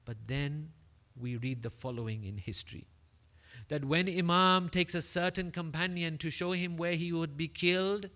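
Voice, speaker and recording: Impassioned male preacher, raised pitch. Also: moderate pace, pushed and bright. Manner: impassioned narration, rising to wailing climaxes; quotes Arabic in recitation. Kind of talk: Muharram mourning sermon.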